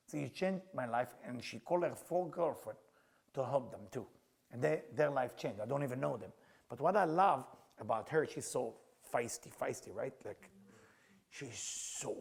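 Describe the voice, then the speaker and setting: A man teaching with personal stories, an animated storyteller who speaks English as a second language with loose grammar. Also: fairly high pitch, creaky, breathy edge. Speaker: spiritual teacher.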